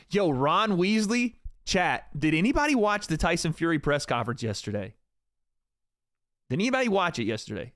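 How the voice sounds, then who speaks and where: Young man, streamer host, casual profane banter, lively pitch, dry sound. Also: moderate pace, no room sound. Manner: profane, joking, talks to chat. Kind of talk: casual livestream chat.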